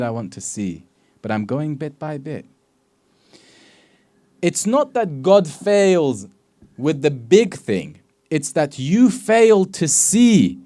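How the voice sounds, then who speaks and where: Man preaching a storytelling sermon. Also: mid-range voice. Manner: storytelling lecture with acted dialogue and Arabic quotes; swings between soft and loud emphatic delivery. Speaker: Islamic preacher.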